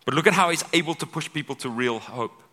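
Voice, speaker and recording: A man preaching a sermon as pastor, chatty and animated, often checking in with "right?" and acting out quoted lines. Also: on the high side, fast talker. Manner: conversational, keeps asking "right?"; acts out quoted speech with big vocal swings. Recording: long hall reverb.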